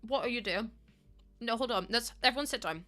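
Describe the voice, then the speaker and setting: A woman's voice: on the high side, fairly quick, sharp tone. A tired young woman, chatting casually with her viewers during a live game stream, giggly and rambling. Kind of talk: casual live-stream chat while playing.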